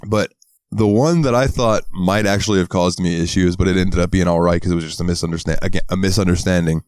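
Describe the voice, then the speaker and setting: A man's voice: low voice, steady tone, quick pace, darkish tone, no echo, studio quality. A man co-hosting a podcast in casual chat, telling stories, acting out quotes and swearing often. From American South. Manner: storytelling, acts out quotes in a raised voice, swears often. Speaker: podcast co-host.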